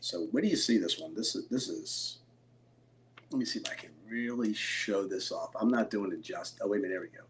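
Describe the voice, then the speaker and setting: A middle-aged man from Philadelphia, a card collector and interview guest, telling stories with excited bursts. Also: lowish voice, fairly quick, slight background noise. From Philadelphia, USA. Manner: animated storyteller, excitable bursts. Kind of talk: storytelling interview.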